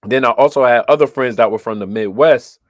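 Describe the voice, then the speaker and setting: A Brooklyn, New York man co-hosts a casual podcast, telling stories animatedly and acting out the quoted dialogue in his anecdotes. His mid-range voice moves a little fast, and the clean studio recording has no echo.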